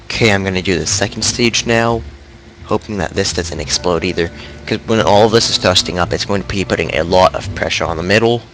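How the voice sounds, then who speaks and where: A man's voice: low voice, a little fast, a bit bright, slight background noise, poor audio. A man with a cold, rambling and thinking aloud in casual commentary while he plays a video game, poking fun at himself as he goes. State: congested with a cold. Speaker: game streamer. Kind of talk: casual let's-play commentary.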